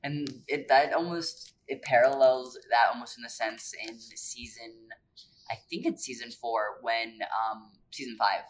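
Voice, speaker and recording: Very low-voiced woman musing in chat. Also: unhurried, rough recording. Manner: rambling, hesitant asides with fillers. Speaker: podcast co-host. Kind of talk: casual chat.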